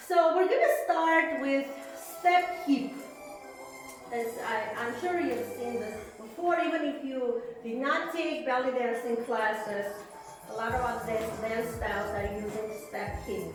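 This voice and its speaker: A woman teaching a beginner belly dance class, explaining moves and counting steps aloud as she demonstrates. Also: sits high. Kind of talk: online dance lesson, counting beats. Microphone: phone camera at a distance. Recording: very echoey room, voice from far off, faint music.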